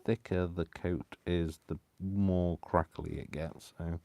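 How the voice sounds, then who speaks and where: A man's voice: low voice, steady tone, takes it slowly, gravelly, warm tone, no room sound. A man hosting a live crafting stream, rambling and talking to himself with a lot of apologies as he works. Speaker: craft channel host. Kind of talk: casual live crafting chat.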